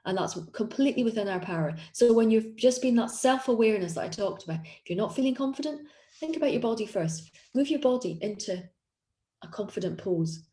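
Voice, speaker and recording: A woman's voice: fairly high pitch, expressive, fairly quick, mellow, echoey room. A woman coaching an online group session on confidence, talking in an encouraging, conversational way with frequent restarts. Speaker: executive coach.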